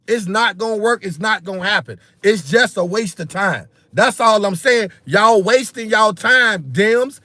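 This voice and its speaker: Heated high-voiced man ranting to viewers. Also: lively intonation, a little slow, few pauses, pushed and bright, dry recording. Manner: heated, repetitive, addresses viewers as "bro" and "man". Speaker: political commentary channel host. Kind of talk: ranting political commentary livestream.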